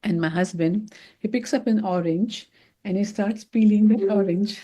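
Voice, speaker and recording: Animated woman giving a talk. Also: medium pitch, moderate pace. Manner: animated storytelling, addresses listeners as friends. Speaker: doctor giving a wellness talk. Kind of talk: motivational talk.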